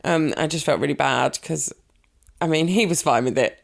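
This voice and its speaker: A woman's voice: low voice, moderate pace, creaky. Chatty, laughing British woman comedian. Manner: laughs often, chatty and self-deprecating. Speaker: comedian guest. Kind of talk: casual podcast chat.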